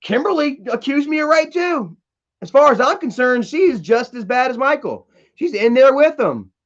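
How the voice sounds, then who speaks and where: Heated high-voiced man ranting on stream. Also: very animated, moderate pace, muffled recording. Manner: heated, profane, reads chat messages aloud. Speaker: livestreamer. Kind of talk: casual livestream rant. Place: at home.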